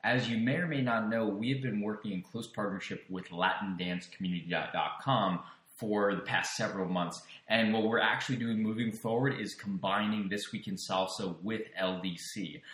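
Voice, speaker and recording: A man's voice: on the low side, moderate pace, fairly bright tone. A man hosting a dance podcast, talking in a casual, upbeat and joking way. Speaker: podcast host. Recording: roomy echo.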